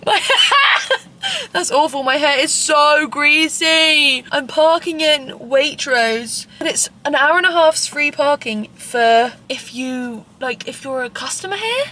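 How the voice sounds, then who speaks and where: A woman's voice: high voice, sharp tone, a little hiss or hum. A young woman, chatting casually to camera in a rambling, self-mocking vlog with dramatic outbursts. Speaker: vlogger.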